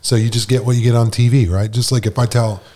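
A man's voice: medium pitch, fast. A middle-aged man from New York, a guest telling a personal story in casual, slangy talk, acting out the voices of the people in it. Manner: animated, slangy, acts out quoted voices.

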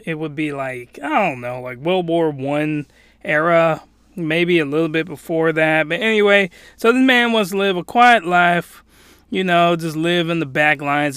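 Excitable high-voiced man reviewing anime. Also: smooth, no room sound, clean studio sound. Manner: excitable, rambling, gets loud. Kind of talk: casual review vlog.

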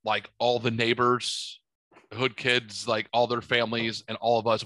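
Bright-voiced man telling stories. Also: medium pitch, unhurried, no room sound. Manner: animated, swearing, acts out quotes. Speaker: podcast host. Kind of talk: casual storytelling chat. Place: podcast studio.

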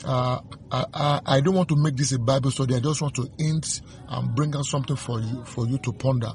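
A man preaching a sermon, slow and fervent, repeating refrains and reading scripture aloud. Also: mid-range voice, steady tone, darkish tone, slight background noise.

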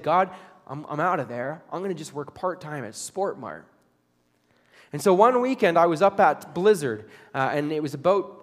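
A young man preaches a sermon built around his own story, earnest and a little self-mocking. His voice sits a touch high for a man. It rings out with the long reverb of a big church hall. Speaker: pastor.

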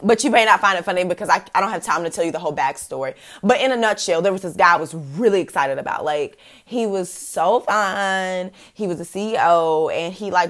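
A young adult woman hosting a podcast, talking casually about faith and dating, animated, laughing often, with many "like"s and fillers. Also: on the low side. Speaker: podcast host.

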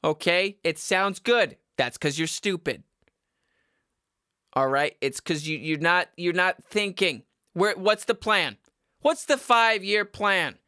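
Young male podcast host, loud ranting delivery, bright forceful tone, close dry mic. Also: high-pitched, slow, clean tone, no echo. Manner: loud and yelling, rambling. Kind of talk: ranting comedy monologue. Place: home basement. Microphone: studio microphone.

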